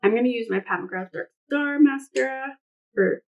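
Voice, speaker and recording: A woman's voice: high voice, moderate pace, faint music behind. A young woman chatting casually through a makeup tutorial, rambling into side stories with lots of fillers. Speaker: beauty vlogger. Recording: slightly dull lo-fi sound.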